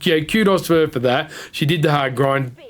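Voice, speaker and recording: A man with a voice pitched a touch high gives casual gaming commentary. He rambles through a story with blunt opinions and the odd swear word. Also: normal speed. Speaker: gaming content creator.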